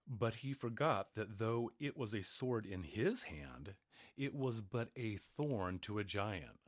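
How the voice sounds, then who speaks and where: A man narrating a fairy tale aloud in an expressive storybook reading. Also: on the low side, slow pace, no echo, studio quality. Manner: expressive, animated.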